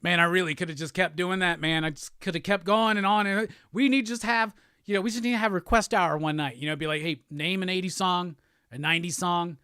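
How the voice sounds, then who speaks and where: A middle-aged man hosting a casual live stream, excitedly rapping along to old songs and swearing as he chats. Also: high voice, fairly quick, smooth, no echo, clean studio sound. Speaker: host.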